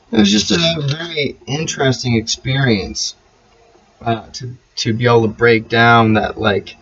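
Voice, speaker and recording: A young man vlogging in a casual, rambling way, swearing freely and getting animated as he relives a dream. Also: medium pitch. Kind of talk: casual storytelling monologue. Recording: slightly dull, faint background hiss.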